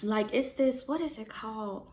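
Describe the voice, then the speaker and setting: A woman's voice: on the high side, normal speed, dark tone. A young pregnant woman, chatting casually on her vlog and filling her stories with "like" and laughs. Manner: chatty, storytelling with many "like" fillers and laughs. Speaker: vlogger. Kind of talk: casual chat.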